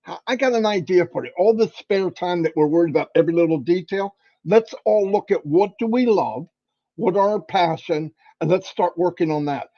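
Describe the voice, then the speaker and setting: Man, high voice, motivational host, animated, lo-fi muffled audio. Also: normal speed. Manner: animated, preachy, folksy pep talk. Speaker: livestream host. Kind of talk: motivational livestream talk.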